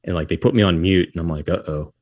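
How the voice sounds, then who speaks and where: A man's voice: deep voice, rapid-fire, no room sound. A middle-aged man, a podcast guest, telling stories in a casual way, acting out what people said and laughing often. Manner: animated, acts out quotes, laughs often. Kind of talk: casual storytelling.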